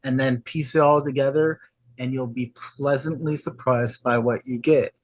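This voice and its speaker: Deadpan guy on a panel, normal pitch, dry sound. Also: moderate pace, no room sound. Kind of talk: casual chat.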